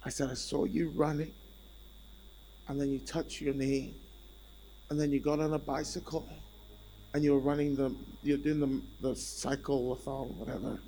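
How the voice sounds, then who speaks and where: A man preaching a sermon as a visiting speaker, telling a story in an animated and self-deprecating way. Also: mid-range voice, normal speed, pauses often, a little hiss or hum.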